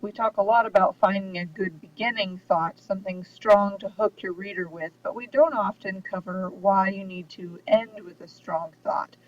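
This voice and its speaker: A woman's voice: mid-range voice, fairly even intonation, normal speed, hardly any pauses. A woman giving a recorded lesson on essay writing, explaining steadily with frequent ums and uhs. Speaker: writing instructor. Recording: dull distant mic with faint hiss.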